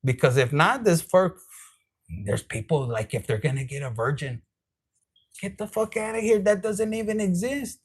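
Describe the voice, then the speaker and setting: Brief: man, tarot reader, high voice, sassy and foul-mouthed. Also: expressive, normal speed, husky. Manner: profane, sassy and rambling. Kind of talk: casual tarot reading.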